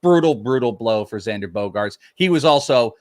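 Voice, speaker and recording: A man's voice: medium pitch, expressive, normal speed, darkish tone, no echo, studio quality. A man co-hosting a live fantasy baseball show, leaning hard on key numbers as he reads out prospect stats. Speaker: co-host, prospect analyst.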